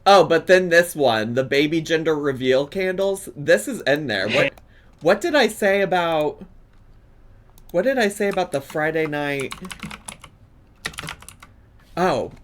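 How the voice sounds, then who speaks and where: A man's voice: a little high, lively intonation, measured pace, pauses often, a bit bright. A man in his thirties giving casual, playful reaction commentary, laughing often. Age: 30s. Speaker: YouTube reaction host.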